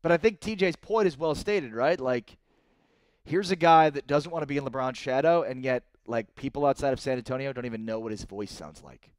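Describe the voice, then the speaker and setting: Trades get this excitable sports talk host worked up as he reads comments on his livestream; he's a man in his thirties whose voice climbs sharply in indignation. He speaks briskly at medium pitch, with no echo.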